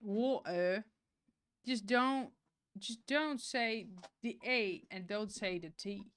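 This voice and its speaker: A woman's voice: medium pitch, slow, fairly bright tone, clean tone. A woman giving playful, chatty commentary while playing a game at home, swearing casually now and then. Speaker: game streamer. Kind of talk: casual let's-play commentary.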